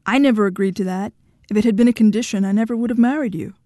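A woman's voice: mid-range voice, fast talker, warm tone, no room sound, studio quality, lightly acted. A woman reading the part of a blunt, defiant young woman in an audiobook, curt and scornful.

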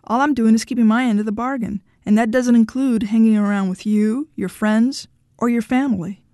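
A woman's voice: on the high side, steady tone, a little fast, warm tone, dry recording, clean studio sound, close to an everyday voice. A woman reading a blunt, defiant young woman. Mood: scornful. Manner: curt, scornful, firm. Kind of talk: audiobook character reading.

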